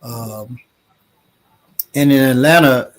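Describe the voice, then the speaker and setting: A man's voice: medium pitch, slow. A middle-aged man from Chicago hosting a casual chat, telling stories animatedly with many restarts. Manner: animated storyteller acting out loud voices. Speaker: podcast host.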